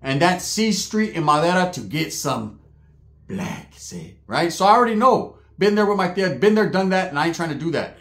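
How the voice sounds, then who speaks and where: Man, comic storyteller, crude slangy delivery, higher register. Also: lively intonation, fairly quick, a bit bright. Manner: slangy, crude, laughing asides. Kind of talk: comedic storytelling. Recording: roomy echo.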